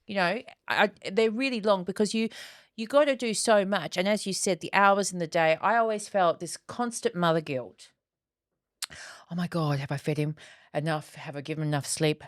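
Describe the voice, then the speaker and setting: A woman's voice: lowish voice, moderate pace, dry recording, studio quality. A woman co-hosting a casual chat podcast, speaking in an earnest, reflective way. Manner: earnest, reflective, with many restarts. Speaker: podcast co-host.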